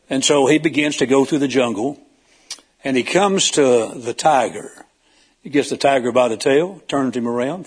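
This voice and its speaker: A man preaching a sermon in a husky, slightly rough voice at an ordinary pitch. He talks in a folksy, conversational way, tells a joke, and asks the congregation questions. He swings from loud emphatic peaks to low, quiet asides.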